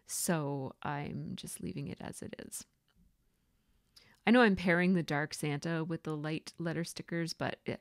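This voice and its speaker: A woman chatting casually in a voice-over as she narrates her scrapbooking process, rambling a little and filling pauses with fillers. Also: sits low, gravelly, dry recording, clean studio sound. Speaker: scrapbooking vlogger.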